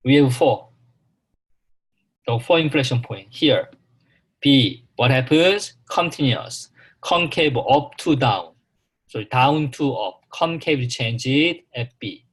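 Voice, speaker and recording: Male calculus instructor, unhurried and halting, mid-pitched, checks in with students often. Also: animated, breathy edge. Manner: slow, repetitive, halting, asks the class questions. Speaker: math instructor. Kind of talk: classroom calculus lecture.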